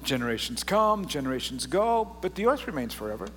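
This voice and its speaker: A pastor preaching a casual, joking sermon and reading scripture aloud with drama. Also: male voice, a little high, sing-song, brisk, fairly bright tone, long reverb tail, faint music behind. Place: church sanctuary.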